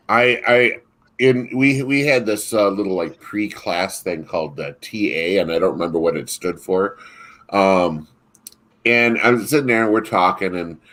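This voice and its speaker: Low-voiced man rambling through school stories. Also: fairly bright tone. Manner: rambling storyteller with frequent restarts and laughter. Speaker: podcast co-host. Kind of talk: casual chat.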